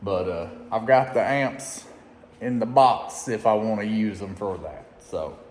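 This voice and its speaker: A man, chatting excitedly and folksily in a casual DIY vlog from his unfinished workshop. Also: on the low side, measured pace, slight background noise. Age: 30s. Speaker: DIY vlogger. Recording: echoey reverberant shop room.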